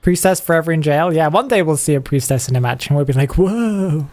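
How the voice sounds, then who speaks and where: A man's voice: fairly high pitch, quick pace, a little mellow, faint music behind. Chatty man with a playful put-on accent. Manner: chatty, puts on a playful made-up accent, rolling his R's. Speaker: streamer commentating viewers' matches. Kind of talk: live game commentary.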